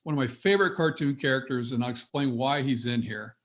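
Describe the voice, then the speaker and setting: A man's voice: mid-range voice, brisk. Middle-aged guy running a business webinar, pumped up and motivational, talking right at you over a computer mic. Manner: energetic, motivational, speaks directly to the audience. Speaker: business coach presenting a webinar. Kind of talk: webinar presentation.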